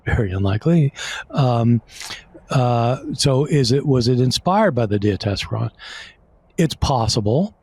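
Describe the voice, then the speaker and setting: A man's voice: medium pitch, darkish tone, slightly rough, dry recording. Chatty male scholar, dry sound. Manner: conversational, many fillers and restarts. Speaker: guest scholar. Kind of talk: explaining in an interview.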